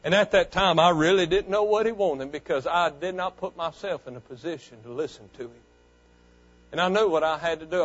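A man preaches to his congregation in a high voice. His delivery swells loud and fervent, then drops low and soft. The recording sounds dull and lo-fi. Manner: fervent preaching that rises and falls. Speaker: pastor. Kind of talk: sermon.

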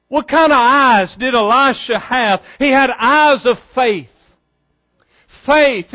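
A high-voiced man preaches a sermon with fervor. He drops to a hushed tone for prayer, then rises into loud, emphatic appeals. The recording is dull and lo-fi. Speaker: pastor.

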